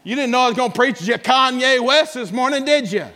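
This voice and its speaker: A pastor delivers a sermon to his congregation in a notably high voice, a little fast with hardly any pauses. He drops into soft asides, then climbs into shouted exclamations and calls for responses, all ringing with a long reverb.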